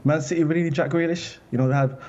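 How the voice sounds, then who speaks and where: A man giving his opinions as a football journalist on a panel, in a measured way. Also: on the high side, steady tone, darkish tone, dull audio. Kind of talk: studio panel chat.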